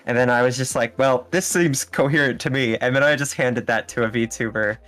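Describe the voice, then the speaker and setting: A man's voice: medium pitch, brisk, a bit bright. Man, interview guest, casual, rambling, lots of fillers, small laughs.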